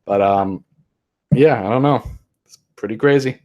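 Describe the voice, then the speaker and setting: A man's voice: lowish voice, unhurried, dull audio. A young man hosting a podcast, recapping events in a casual, rambling way, often exasperated and breaking into mocking impressions. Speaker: podcast host. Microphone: handheld podcast mic.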